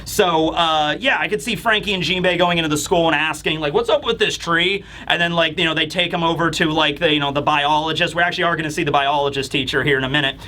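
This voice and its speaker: A man's voice: on the high side, steady tone, fast, few pauses, bright, forceful tone. A man reviewing a comic chapter in a rambling, chatty way. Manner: rambling, chatty, lots of fillers and laughs. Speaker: manga reviewer. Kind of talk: casual commentary.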